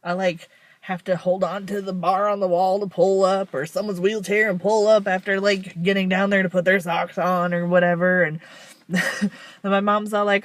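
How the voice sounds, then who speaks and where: A woman's voice: medium pitch, steady tone, normal speed, no echo. A woman talking casually to camera in a rambling, frank way, with weary self-deprecating laughs. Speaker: vlogger. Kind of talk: casual confessional vlog.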